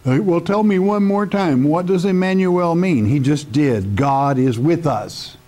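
A man's voice: fairly high pitch, a little slow, dark tone. A man teaching the Bible verse by verse in a sermon, speaking emphatically and addressing the listener directly as a friend. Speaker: pastor.

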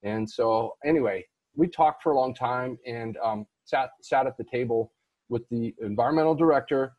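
A man's voice: medium pitch, moderate pace, no room sound, highs cut off. A man, a guest on an interview, telling a long story casually with many restarts and fillers. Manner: rambling with frequent restarts and fillers. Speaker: guest real estate investor.

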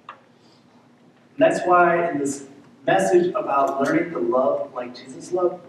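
Guy pastor preaching, a bit high voice, super echoey church, mic kinda far off. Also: a little hiss or hum. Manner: earnest, conversational preaching with repeated words. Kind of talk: sermon. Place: church sanctuary.

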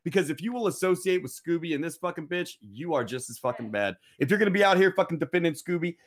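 Young guy ranting and cussing on a podcast, kinda high voice, mocking everybody. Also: lively intonation, fast talker. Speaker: podcast co-host. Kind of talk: crude casual chat.

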